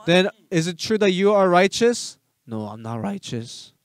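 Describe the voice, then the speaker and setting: A man preaching a sermon as pastor, emphatic, firing rhetorical questions at the congregation and swinging between loud urging and soft asides. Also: high voice, big pitch swings, a little slow, no echo.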